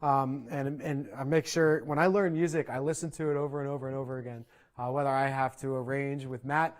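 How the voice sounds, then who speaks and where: A man teaching percussion in an online clinic, explaining in a relaxed conversational way and often checking in with "right?". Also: mid-range voice, a little fast. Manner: conversational, frequent "right?" check-ins and fillers. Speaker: percussion instructor.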